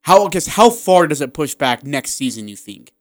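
A tired man co-hosting a casual sports talk radio show in a studio, telling stories in an animated way. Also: a little high, normal speed, no room sound. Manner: animated storyteller who acts out dialogue. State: tired, running low on energy. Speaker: radio co-host.

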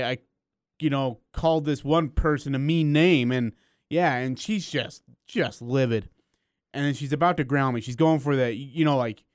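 A man's voice: mid-range voice, clean tone, dry recording. A man co-hosting a radio morning show, telling playful stories in a studio. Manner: playful, lively storytelling. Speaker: radio co-host. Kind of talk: casual radio banter. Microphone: studio mic.

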